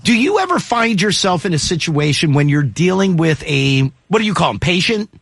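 Man, radio host, call-in chat, high lively voice, gravelly, dry close sound. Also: moderate pace, no room sound.

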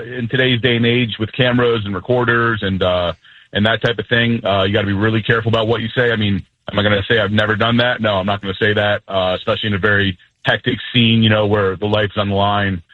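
A man calling in to a radio show over a phone line, with a thin, narrow sound. His voice is fairly low and recorded dry. He explains how he handles patients in a steady, matter-of-fact manner. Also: fast, no echo. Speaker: caller, EMT. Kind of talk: phone-in conversation.

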